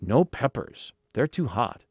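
Man putting on a small, curious little girl for a storybook, higher pitch, lively, dry. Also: unhurried, slightly rough, no room sound, exaggerated voice.

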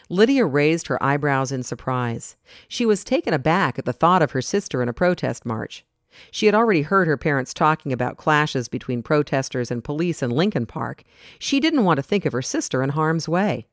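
A narrator reading a storybook in a steady, clear way. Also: mid-range voice, normal speed, dry recording, studio quality.

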